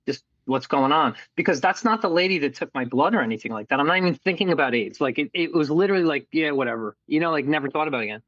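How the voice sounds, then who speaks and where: A man's voice: fairly high pitch, racing, few pauses, no room sound, dull audio. A middle-aged man telling his life story in a candid, casual interview, acting out what people said to him. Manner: candid, animated storyteller who acts out quoted voices and swears casually.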